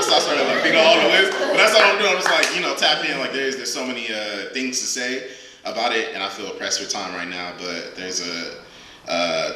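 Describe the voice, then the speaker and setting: A man's voice: on the low side, pushed and bright, a little hiss or hum. A man at a live reading, performing spoken-word poetry with rhythmic, emphatic questions and then talking casually to the audience. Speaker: featured poet. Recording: very echoey room.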